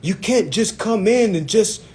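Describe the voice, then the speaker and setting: A man's voice: sits high, animated, a little slow, darkish tone, voice pushed up. A man imitating a formal, slightly patronizing male car salesman with an African accent, as part of a story he tells. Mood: firm.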